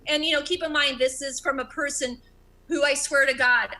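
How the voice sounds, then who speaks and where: Bright-voiced woman comic who stutters. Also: high-pitched, steady tone, moderate pace, rough recording. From America. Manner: stutters, self-deprecating. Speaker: stand-up comedian. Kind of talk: stand-up set on a video call. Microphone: video call.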